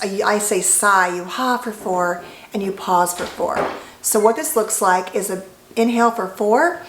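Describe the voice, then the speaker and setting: A woman psychologist giving an educational talk to camera, calm and gently reassuring. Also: mid-range voice, roomy sound, rough recording. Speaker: licensed psychologist.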